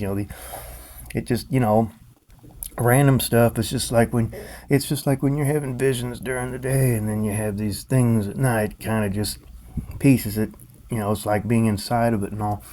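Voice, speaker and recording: A man's voice: on the low side, a little mellow. A grown man vlogging, telling a nightmare in a loose, rambling way full of fillers and restarts. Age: adult. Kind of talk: rambling casual monologue.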